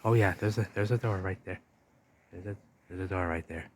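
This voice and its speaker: A man's voice: low-pitched, brisk. A man narrating an exploring vlog outdoors, rambling to viewers while he walks and points things out. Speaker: vlogger. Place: outdoors by a river wall.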